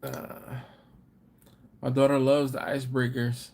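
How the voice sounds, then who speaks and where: Slow, laid-back man chatting on a live stream. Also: medium pitch, vocal fry. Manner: laid-back, chuckling, chatty asides to viewers. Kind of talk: casual live chat reading viewer comments.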